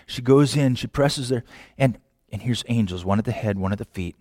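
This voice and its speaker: A man preaching a sermon, asking rhetorical questions and swinging from hushed lines to loud, impassioned ones. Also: medium pitch, fairly quick, no room sound, clean studio sound. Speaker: pastor.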